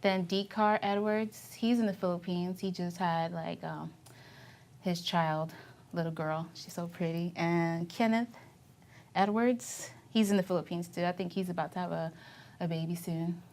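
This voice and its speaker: A woman's voice: fairly low pitch, moderate pace, a little mellow. Candid young woman, laughing through stories. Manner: candid, laughs often while telling stories. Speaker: Navy veteran interviewee. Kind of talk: casual interview recollection.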